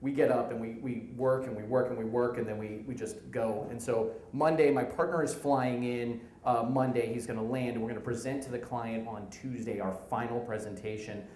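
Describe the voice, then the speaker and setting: A man in his thirties telling a comic work story live on stage, animated, acting out the people in it. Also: medium pitch, brisk, hardly any pauses, reverberant, slight background noise, low-quality recording. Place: stage in a venue.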